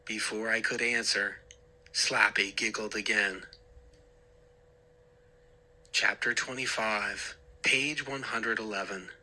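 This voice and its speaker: Male horror narrator, slow and dramatic, bright forceful tone. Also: fairly low pitch, fairly even intonation, low-quality recording. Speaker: storyteller. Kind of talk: scripted horror story narration.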